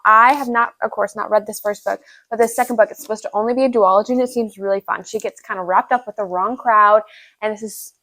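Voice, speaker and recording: A young woman chatting casually about upcoming books, gushing and full of "like" and "right?". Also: a little high. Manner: gushing, filler-heavy with lots of "like" and "right?". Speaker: book vlogger. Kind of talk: casual chat.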